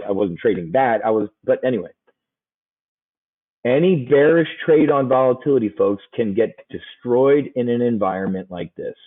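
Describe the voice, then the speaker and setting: Brash male trading coach with a husky voice, joking through a casual live webinar; tinny phone-line sound. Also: medium pitch. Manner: brash, joking, calls listeners "man".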